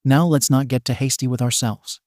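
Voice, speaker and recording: A man's voice: mid-range voice, fairly even intonation, fairly quick, darkish tone, no room sound, studio quality, close to an everyday voice. A man voicing a seductive, teasing female villain in a storybook reading. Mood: sultry. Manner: teasing, sultry.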